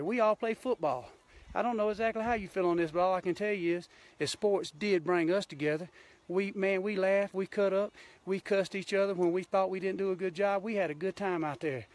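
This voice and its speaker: A high-pitched man from Georgia with a Southern accent, host of a hunting show, rants bluntly and folksily in an impassioned live stream. He's outdoors on a mountain, filmed on a handheld phone.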